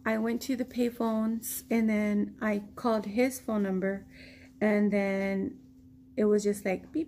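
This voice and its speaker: Speaking slowly in a mid-range voice, an American woman from the United States shares a personal story in a casual vlog, bringing it to life by performing the quoted lines. There's a little hiss or hum in the recording.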